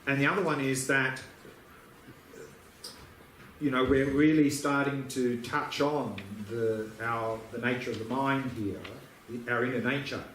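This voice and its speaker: A man's voice: mid-range voice, steady tone, unhurried, a bit bright, a little hiss or hum. A man teaching meditation, answering questions with patient, repetitive explanations. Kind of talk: dharma teaching Q&A. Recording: echoey room, faint ambience.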